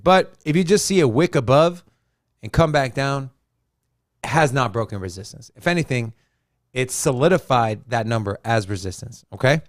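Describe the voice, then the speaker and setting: A man's voice: mid-range voice, expressive, normal speed, no room sound, studio quality. A man hosting a casual crypto show, walking through charts and joking with his co-host in a loose, repetitive way. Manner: loose and joking, repeats himself.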